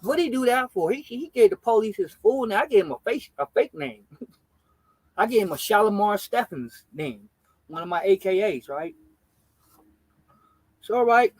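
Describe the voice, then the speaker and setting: Streamer, male, high voice, dry close sound, lively profane storyteller. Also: normal speed, long pauses, dry recording. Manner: animated storytelling, slangy and profane; acts out quoted people in character voices. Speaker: livestream host. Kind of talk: casual storytelling chat.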